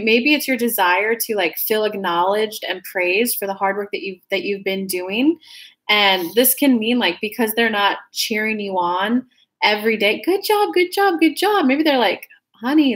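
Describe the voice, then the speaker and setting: A woman's voice: on the high side, fairly bright tone. A woman giving a casual tarot reading to her viewers, chatty and rambling, often restarting her sentences. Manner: talks straight to viewers as "guys". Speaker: tarot reader.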